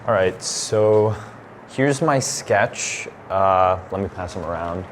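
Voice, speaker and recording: A man's voice: deep voice, slow, a little hiss or hum. A man acting in a comedy sketch, stammering and sheepish, apologizing over and over. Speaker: comedy contestant.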